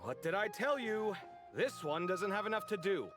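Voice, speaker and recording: An actor voicing an expressive, easily indignant young architect in a game, full of quick banter. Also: male voice, sits high, loud music behind the voice. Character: dramatic, sociable young male architect. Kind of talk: game voice acting.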